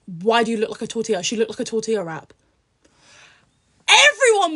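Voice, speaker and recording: A young British woman, an influencer guest, chatting bluntly and profanely on a podcast, swinging from low mutters to loud outbursts. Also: huge pitch swings, a little fast, long pauses. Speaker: social media influencer guest. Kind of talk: casual podcast chat.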